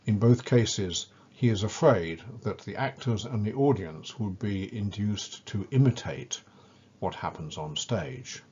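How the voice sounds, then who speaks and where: A man giving a measured, scripted lecture and leaning on key words as he explains ideas. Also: fairly low pitch, warm tone, highs cut off, slight background noise.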